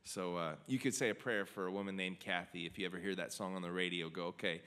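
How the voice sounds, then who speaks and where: A man's voice: sits low, steady tone, fast talker, sharp tone, clean tone, long reverb tail. A man telling the story behind one of his songs to an audience, earnest and conversational, often asking them questions. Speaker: singer-songwriter sharing a song's story. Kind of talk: casual storytelling to a studio audience.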